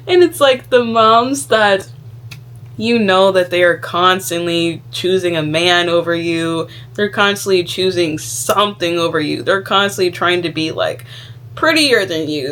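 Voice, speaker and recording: A woman's voice: lowish voice, measured pace. Young woman vlogger, casual and outspoken, filler-heavy talk. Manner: frank, animated, heavy use of "like". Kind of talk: casual advice monologue.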